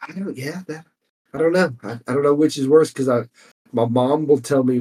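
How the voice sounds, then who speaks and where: A man's voice: a little high, brisk, mellow, husky. A man co-hosting a casual podcast, talking in a rambling, drawling way. He often stops and restarts mid-sentence while he is telling a story. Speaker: podcast co-host. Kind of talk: casual chat.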